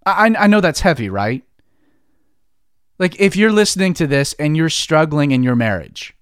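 Lively high-voiced man preaching casually. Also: clean tone, no room sound, studio quality. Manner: conversational, heavy use of "like", frequent restarts. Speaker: Christian preacher. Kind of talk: casual devotional teaching.

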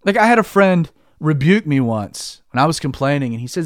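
A man's voice: on the high side, sing-song, a little fast, few pauses, no echo, studio quality. A man giving a casual devotional teaching, talking in a conversational way with many restarts. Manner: conversational, heavy use of "like", frequent restarts. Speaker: Christian preacher.

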